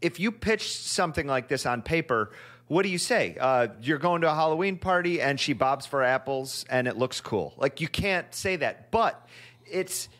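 A man's voice: fairly high pitch, lively intonation, normal speed, a bit bright. A man co-hosting a cartoon podcast, rambling casually, laughing through his stories and swearing freely. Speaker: podcast co-host. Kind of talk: casual chat.

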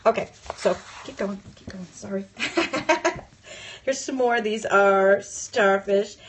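A woman chatting through a live unboxing, gushing and excitable, with gasps and squeals of delight. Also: medium pitch, slow pace, a little hiss or hum. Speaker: crafting channel host.

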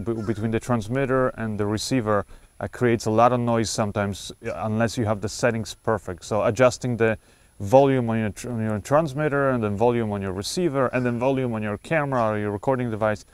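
A man's voice: fairly low pitch, fairly even intonation, brisk, clear, resonant tone, dry recording. Man reviewing gear on a clip-on lav. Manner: explanatory, lots of uh fillers and restarts. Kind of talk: casual product review. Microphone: wireless lavalier clipped to shirt.

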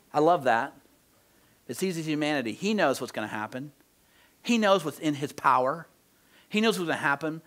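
Earnest, animated male preacher. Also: a little high. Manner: earnest and conversational, swinging between soft, slow emphasis and animated outbursts. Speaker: pastor. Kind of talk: sermon. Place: church sanctuary.

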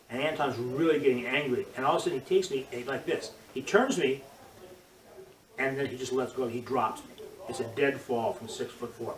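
An older man, a judo instructor, telling animated stories in an interview and acting out the voices of the people in them. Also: mid-range voice, brisk, pauses often. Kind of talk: storytelling interview. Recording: roomy, distant mic, crowd murmur.

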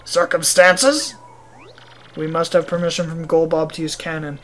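Woman faking a clumsy Russian accent for gruff bomb men. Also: low voice, monotone, darkish tone, slight background noise, lightly acted. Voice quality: deliberately bad mock Russian accent. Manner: terse, clipped, theatrical, with "da" fillers. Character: gruff male bomb villagers, blunt and grumpy.

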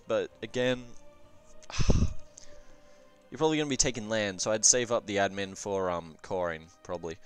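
A man's voice: fairly low pitch, smooth. A young man giving casual, rambling game review commentary, swearing often and offhand. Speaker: gaming commentator.

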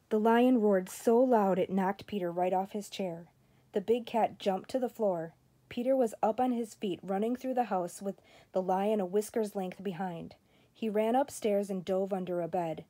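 Mellow older woman reading a story. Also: medium pitch. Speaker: grandmother reading to grandchildren. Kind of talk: children's story read-aloud.

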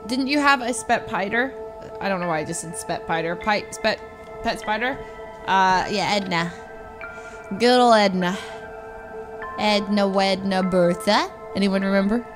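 A young woman streamer telling a story to her chat in a casual, animated way, with lots of restarts and quick jumps into high-pitched quoted voices.

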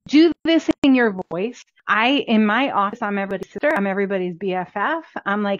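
A woman's voice: medium pitch, expressive, brisk, hardly any pauses, dry recording. Chatty woman chiropractor coaching practice owners, upbeat, dry lo-fi sound. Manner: chatty, upbeat, repeats key points. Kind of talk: instructional talk. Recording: dull, dry lo-fi recording.

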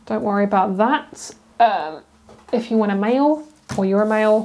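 A woman's voice: medium pitch, moderate pace, a little mellow. A young British woman giving a casual, rambling tarot reading, chatty and giggly, with many fillers. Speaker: tarot reader.

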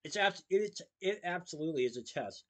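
A man's voice: sits high, expressive, fairly quick, a bit bright, pitched above the performer's own voice. A man voicing a feisty, blunt orphan girl in a read-aloud story.

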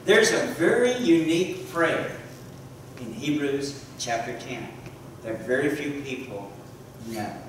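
A man preaching a sermon to a congregation, often pausing to ask the listeners questions and repeating key words. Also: mid-range voice, expressive, background noise. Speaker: preacher and teacher. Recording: echoey hall from far off.

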